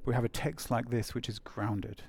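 A preacher gives a sermon in a gravelly, creaky, mid-range voice with a slightly mellow quality, speaking at a normal speed with fairly even intonation. His style is conversational, full of ums and uhs, and he circles back to repeat phrases for emphasis. The recording is close and dry, with no room echo.

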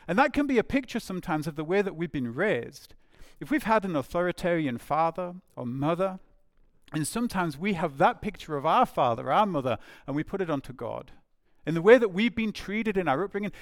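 A man's voice: a little high, dry recording, studio quality. A man preaching a sermon in a conversational way, asking the listeners questions and voicing imagined speakers.

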